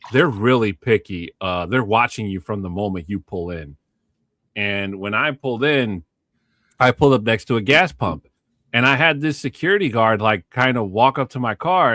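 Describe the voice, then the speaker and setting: A man with a deep voice spins a funny anecdote for his co-hosts in an easygoing, chatty way. He acts out the other people in the story as he goes. The sound is dry and close. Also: fairly bright tone, no room sound. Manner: laid-back, laughing storyteller who acts out quotes. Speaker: podcast co-host. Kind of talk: casual storytelling chat. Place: Chicago.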